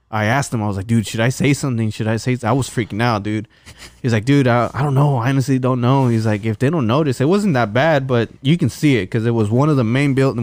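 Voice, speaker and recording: A man's voice: medium pitch, darkish tone, no room sound. A man rambles through a story on a casual podcast, swearing freely and restarting his sentences. He sits close to the mic in a dry, unreverberant space. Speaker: podcast co-host. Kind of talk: casual chat.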